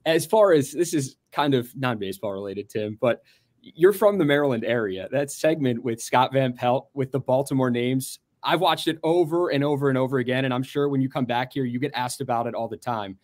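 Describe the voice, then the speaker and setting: A man's voice: medium pitch, a little fast, a little mellow. A man co-hosting a sports podcast, teasing his partner and asking the guest a question, often stumbling over words. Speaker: podcast co-host. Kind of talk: casual interview.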